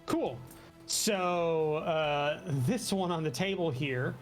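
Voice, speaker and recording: A game master running a live tabletop game, laughing often and tossing in quick asides while calling rolls and narrating. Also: mid-range voice, soft background music.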